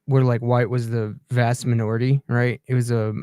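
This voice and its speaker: A man's voice: medium pitch, little pitch movement, normal speed, warm tone, clear, resonant tone, no room sound, studio quality. Laid-back man chatting on a talk show. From Texas. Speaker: podcast co-host. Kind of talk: casual chat on a livestream talk show.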